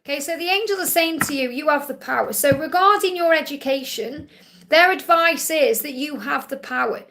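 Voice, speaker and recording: A high-pitched woman with a gravelly edge hosts a live card-reading stream. She reads out viewers' questions, passes on messages and reassures each one, often ending with "okay?". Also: normal speed, background noise. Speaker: psychic card reader.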